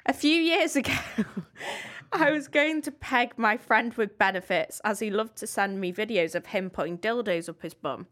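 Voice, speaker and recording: A woman's voice: medium pitch, normal speed, a bit bright. A woman co-hosting a podcast in casual chat, cheeky and giggly, reading out listener stories. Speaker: podcast co-host.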